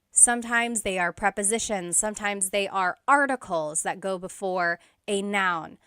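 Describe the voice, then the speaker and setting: A woman teaching a language lesson, explaining slowly and carefully with repeated example phrases. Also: mid-range voice, fairly bright tone, smooth, no room sound, clean studio sound.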